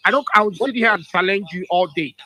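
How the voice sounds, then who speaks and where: A man's voice: high voice, fast talker, bright, forceful tone, low-quality recording. A young Nigerian man with a Nigerian accent, hosting a live audio chat room and arguing with emotion and force. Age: young adult. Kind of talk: heated live debate.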